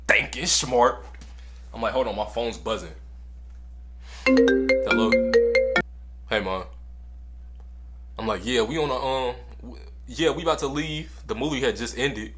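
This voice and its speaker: Young male vlogger, casual slangy storyteller, mid pitch, animated delivery. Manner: animated, slangy, repeats phrases for effect.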